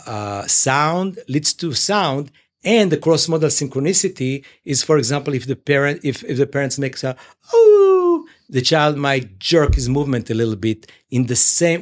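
A male clinician talks through his ideas in an interview at a middle pitch. He speaks haltingly, often stopping on fillers and restarting his sentences. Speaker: clinician at a psychological services organization. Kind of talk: explaining in an interview.

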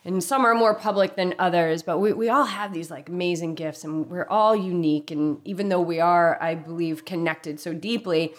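A woman hosts a relaxed interview show. She talks with easy enthusiasm and eggs her guest on as she asks how his career began. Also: fairly low pitch, normal speed, few pauses. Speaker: podcast host. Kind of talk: casual interview.

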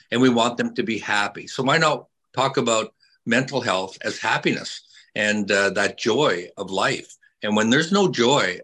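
A man's voice: on the low side, husky, rough recording. An older man, a retired hockey player, chatting casually with fans, telling stories with many repeats and fillers. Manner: warm storyteller, repeats words, many fillers.

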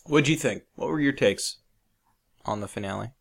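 A man co-hosting a podcast in casual chat, crude and joking, laughing often and breaking into loud impressions. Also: medium pitch, normal speed, vocal fry. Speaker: podcast co-host.

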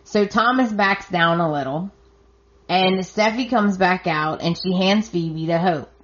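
Unhurried low-voiced woman recapping. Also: lo-fi sound. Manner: chatty, reacts with surprise and sarcasm. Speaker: podcast host. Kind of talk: casual soap opera recap.

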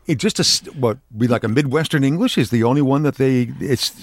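A man's voice: mid-range voice, brisk, no echo. A man hosting a live call-in tech show, upbeat and exclamatory. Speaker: radio show host.

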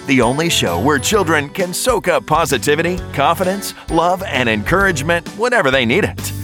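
A man's voice: fairly high pitch, expressive, brisk. A man reading an upbeat scripted introduction to a podcast for children. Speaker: show announcer. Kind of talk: scripted intro over music. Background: music.

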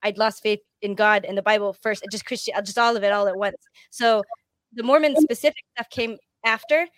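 A woman with a mid-range voice talks through her thoughts on a podcast. The sound is dry and close, with no room echo. She is candid and reflective and pauses to find her words. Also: mid-range voice. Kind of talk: casual podcast discussion.

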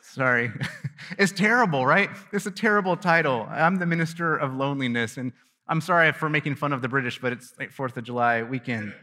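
A man's voice: medium pitch, a little fast, bright, forceful tone. A man preaching a sermon as a pastor, talking to his congregation in a loose conversational way, joking at his own expense and often restarting a phrase. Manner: conversational, self-deprecating, frequent restarts and laughs. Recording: long reverb of a large hall.

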